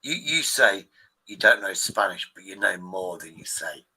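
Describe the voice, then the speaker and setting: A man's voice: deep voice, animated, pushed and bright, low-quality recording. A man chatting casually on a stream, swearing and joking. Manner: swearing, banter, quick asides. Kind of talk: casual chat.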